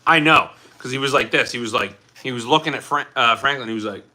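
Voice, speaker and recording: A man's voice: mid-range voice, fast talker, bright, forceful tone. A man from Philadelphia with a Philly accent, hosting a casual livestream, chatting in a loose, rambling way and reading out comments. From Philadelphia, USA. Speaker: livestream host.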